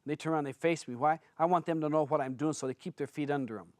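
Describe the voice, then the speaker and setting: A male spiritual teacher speaks bluntly and casually to a seminar audience, with a voice a touch higher than most men's. He talks like he is telling stories. The sound is close and dry, with no room echo. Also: quick pace, a little mellow. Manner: blunt, conversational, storytelling.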